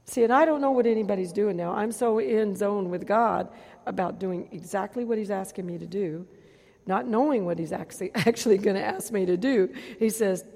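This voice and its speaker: A middle-aged woman preacher tells a testimony in an animated way. She acts out voices and gasps as she tells it. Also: mid-range voice, a little fast, gravelly. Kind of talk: testimony sermon. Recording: long hall reverb.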